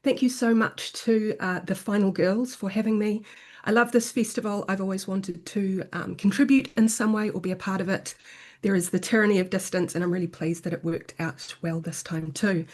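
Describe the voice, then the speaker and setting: A woman giving a remote academic talk in a lively way, with frequent fillers. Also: medium pitch, moderate pace. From New Zealand. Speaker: guest lecturer. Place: home.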